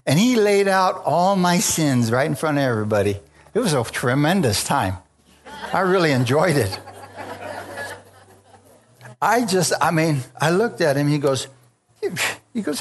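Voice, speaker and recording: A man's voice: medium pitch, measured pace, faint music behind. A man preaching and telling his own conversion story, calling out to the congregation as he goes. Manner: animated storyteller, calls out to congregation. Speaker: preacher giving a testimony. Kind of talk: sermon testimony.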